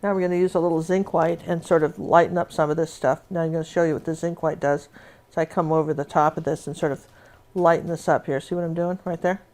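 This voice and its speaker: A woman's voice: sits low, steady tone, fast talker, a little mellow. A woman teaching a live painting lesson, chatting and telling rambling stories while she works. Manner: rambling, chatty storyteller with many asides. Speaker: painting instructor.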